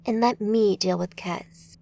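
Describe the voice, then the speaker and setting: Woman narrator doing a calm, capable mage ally, hushed and slow. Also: medium pitch, gravelly.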